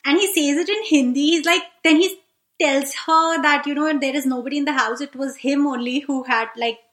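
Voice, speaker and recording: Bright high-voiced woman chatting animatedly. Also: fairly quick, reverberant. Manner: animated, acts out lines with laughs. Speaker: podcast co-host. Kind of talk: casual chat about films.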